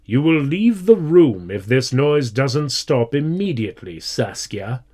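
A strict schoolteacher with a cool, smooth voice, played by a man reading a story. He speaks with slow, firm control and leaves no room for argument. His warnings come out chilly and even. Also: medium pitch, close to an everyday voice. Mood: stern.

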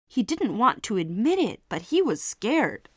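A woman reading a children's story aloud, giving each character an expressive voice. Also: a little high, measured pace, no echo, clean studio sound.

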